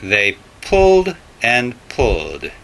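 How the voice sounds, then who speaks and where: A man reading a children's story aloud for language learners in slow, deliberate, clearly spaced phrases. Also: mid-range voice, wildly swooping pitch, fairly bright tone. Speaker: English story reader for learners.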